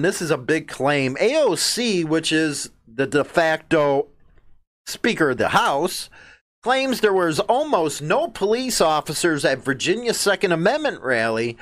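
A man's voice: fairly high pitch, fairly bright tone. A man with a Chicago accent hosting a biker news show, giving blunt, combative commentary and mocking asides while he reads news quotes aloud.

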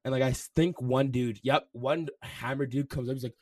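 A man's voice: medium pitch, fairly even intonation, normal speed, darkish tone, no echo, studio quality. Laid-back young man, bro-style storytelling. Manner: loose storytelling, heavy on "bro" and "like". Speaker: podcast co-host. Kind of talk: casual chat.

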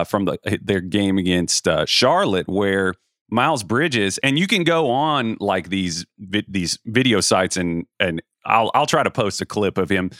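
A man's voice: fairly low pitch, a bit bright, no echo, clean studio sound. A man co-hosting a podcast, chatting casually in a rambling, self-deprecating way and often restarting his thoughts. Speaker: podcast co-host. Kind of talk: casual basketball chat.

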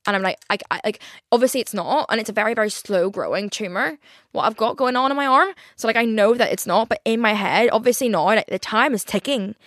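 A woman's voice: a little high, fast, fairly bright tone, no room sound, clean studio sound. A young woman chatting on her own podcast, rambling with lots of "like" fillers and frequent swearing. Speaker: podcast host. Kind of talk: casual solo podcast chat.

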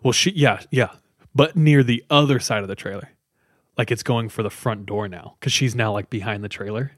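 A man's voice: mid-range voice, normal speed, dry recording, studio quality. A man casually retelling a scary story to friends, chatty and loose, with lots of fillers. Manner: conversational, loose with many fillers.

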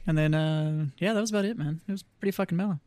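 Swearing podcast co-host, slightly high voice. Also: male voice, rapid-fire, a little mellow. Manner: profane, storytelling, acts out quoted dialogue. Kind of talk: casual chat.

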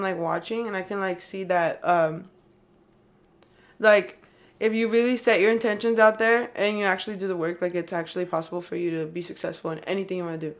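A woman's voice: medium pitch, fairly even intonation, a little fast. Young adult woman, mid-range voice, loose rambling chat delivery full of fillers. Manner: rambling, heavy use of "like" and "um". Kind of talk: casual chat.

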